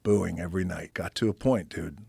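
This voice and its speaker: Low gravelly husky man telling stories. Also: brisk, dry recording. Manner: swears freely, animated retelling. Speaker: podcast guest. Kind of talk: casual storytelling in conversation. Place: podcast studio.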